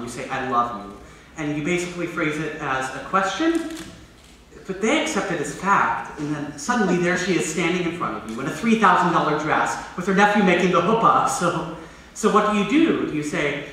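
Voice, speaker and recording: A man plays a wistful middle-aged narrator who confides in the audience, musing aloud with a bright, lively voice. He is picked up from far off in an echoey theatre. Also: fairly high pitch, slight background noise. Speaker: stage narrator. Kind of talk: amateur stage musical performance. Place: school theatre stage.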